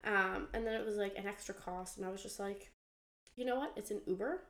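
Animated young woman retelling a story. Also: medium pitch, a little fast, roomy sound. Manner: animated retelling, acts out quoted lines. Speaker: podcast co-host. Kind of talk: casual chat.

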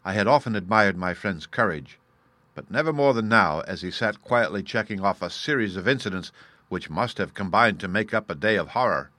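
Low-voiced male audiobook narrator. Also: animated, fairly quick, pushed and bright, no room sound.

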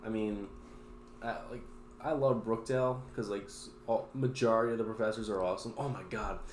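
Brief: young male podcast co-host, lowish voice, crude chatty storyteller, echoey room. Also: fairly even intonation, a little fast, a little hiss or hum. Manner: crude, storytelling, swears freely. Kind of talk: casual chat.

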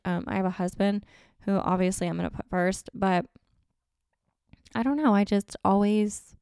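A woman's voice: medium pitch, darkish tone, smooth, dry recording. Thirties woman just chatting to camera, rambly, keeps correcting herself, clean dry sound. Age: 30s. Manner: rambling, chatty, self-correcting with frequent laughs. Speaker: vlogger. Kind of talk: casual chat to camera.

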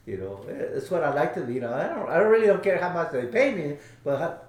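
Halting man, Spanish his first language. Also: fairly high pitch, sing-song, a little mellow, echoey room. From Mexico. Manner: halting, many fillers and restarts. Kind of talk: casual storytelling.

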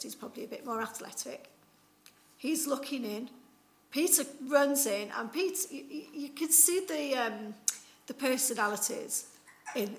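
Woman preacher, higher voice with gravelly fry, chatty storytelling sermon. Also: a bit bright, slight background noise. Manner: chatty storytelling with many fillers. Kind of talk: informal Easter sermon.

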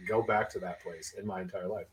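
A man's voice: deep voice, brisk, a crowd in the background, rough recording. A man co-hosting a podcast, telling a story in casual chat, swearing freely and acting out the voices in it. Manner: animated, swearing, acts out quotes. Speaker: podcast co-host.

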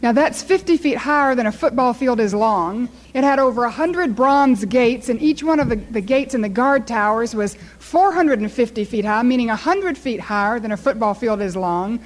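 High-voiced woman preaching a sermon. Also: normal speed, hardly any pauses, low-quality recording. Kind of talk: sermon with storytelling.

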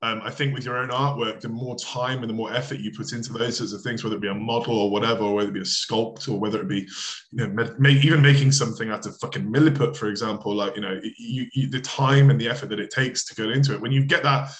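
A man talks as a guest in a relaxed interview, his voice sitting in an ordinary middle register. He rambles through stories, leans on filler words and drops casual swear words as he goes. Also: medium pitch, quick pace. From United Kingdom. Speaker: bodybuilding coach, guest.

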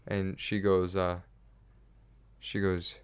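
A man's voice: sits low, completely flat delivery, slow pace, clear, resonant tone. An American man co-hosting a podcast, chatting casually in a rambling way with restarts and laughs. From United States. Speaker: podcast co-host. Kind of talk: casual chat.

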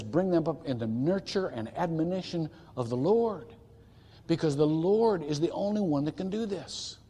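A man's voice: a little high, dark tone, breathy edge. A man preaching a sermon as pastor, earnest and emphatic, with repeated phrases and restarts. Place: church sanctuary. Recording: church hall reverb.

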